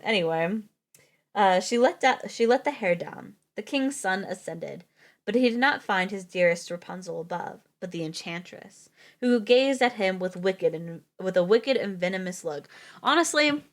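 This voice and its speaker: A woman streamer with a lowish, fairly bright voice reads fairy tales aloud with casual commentary. She breaks off for joking, swearing asides and stumbles over words.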